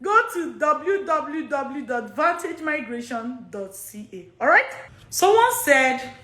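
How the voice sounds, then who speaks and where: A woman's voice: high-pitched, big pitch swings, slow, sharp tone, roomy sound. A woman with a Nigerian accent coaching on study abroad in a live Q&A, chatty, laughing often and repeating herself. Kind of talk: live social media Q&A.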